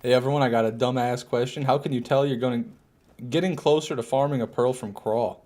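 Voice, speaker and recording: A man's voice: mid-range voice, steady tone, a little fast, a little mellow. A man streaming a game live, rambling and joking, answering chat questions and swearing now and then. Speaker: gaming streamer. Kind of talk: casual live gameplay commentary.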